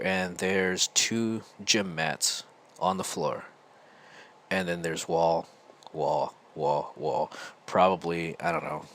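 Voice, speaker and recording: A man's voice: sits low, fairly bright tone. An American man hosting a podcast, telling a casual, rambling story full of restarts. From United States. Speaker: podcast host.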